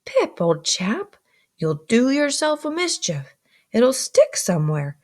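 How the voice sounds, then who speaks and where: A woman reading aloud, voicing a gentle, simple-hearted grown man who speaks slowly and solemnly. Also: a little high, sing-song, pitched above the performer's own voice. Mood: solemn worried. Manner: slow, solemn, earnest.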